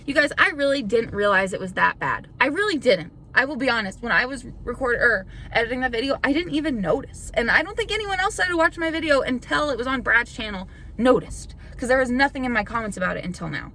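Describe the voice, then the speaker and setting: Young woman, casual vlog rant, frustrated and swearing, bright sharp voice, slightly high. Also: animated, fast talker, hardly any pauses, a little hiss or hum, rough recording. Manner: frustrated, defensive, swears often; rambling with filler "like". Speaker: YouTuber.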